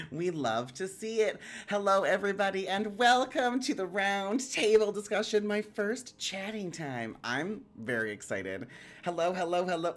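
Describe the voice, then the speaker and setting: A woman hosting a live stream, excitable and bubbly, rambling casually and giggling often. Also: mid-range voice, normal speed. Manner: rambling, lots of "like" fillers. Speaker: streamer hosting a round table.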